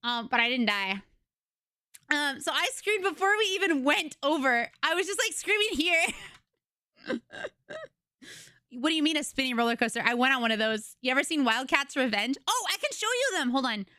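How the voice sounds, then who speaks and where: High, bright-voiced young woman streamer. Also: normal speed, no room sound, studio quality. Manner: excitable, giggly, chatty storytelling. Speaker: livestreamer. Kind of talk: casual chat with a live audience. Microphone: desk microphone.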